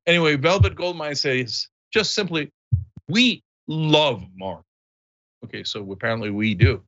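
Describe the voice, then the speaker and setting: A man hosting a casual podcast, bantering and reading viewer comments, often jumping into high mock voices. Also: a little slow, muffled recording. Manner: animated, jumps into high mock voices for quotes. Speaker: show host.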